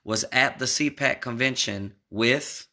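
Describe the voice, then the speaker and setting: A man's voice: medium pitch, a little slow, sharp tone. A man giving casual political commentary in a video, rambling and emphatic, speaking straight to his viewers.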